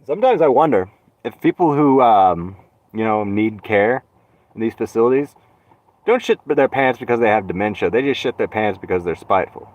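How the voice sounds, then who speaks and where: A young man rambling on a solo live stream from his van, sarcastic and swearing, with dark jokes. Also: lowish voice, expressive, normal speed, phone-quality sound. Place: inside a van. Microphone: phone.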